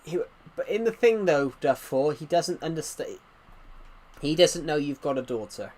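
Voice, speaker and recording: A man chats loosely over his gameplay, his voice sitting a touch higher than most men's. He wanders from one side topic to the next in an easy, rambling way. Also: animated, moderate pace, darkish tone. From Britain. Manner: rambling, chatty, tangents. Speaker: gaming channel host. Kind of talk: casual gameplay commentary.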